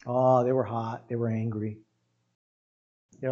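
A man's voice: medium pitch, level tone, unhurried, pauses often, mellow, dull audio. A man preaching a sermon in an emphatic, conversational way, talking directly to his congregation. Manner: emphatic, conversational, often says "listen" and "guys". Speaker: pastor.

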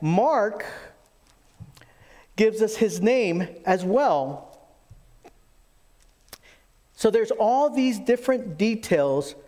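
Animated high-voiced male preacher. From lived in Texas. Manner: animated storytelling preacher, acts out the quotes. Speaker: pastor. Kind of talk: sermon.

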